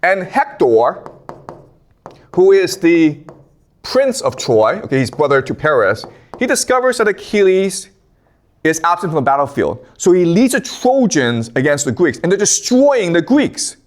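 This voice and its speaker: A man's voice: fairly high pitch, sing-song, measured pace. A man lecturing in a casual storytelling style, often checking in with "okay?". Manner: conversational, tags lines with "okay?".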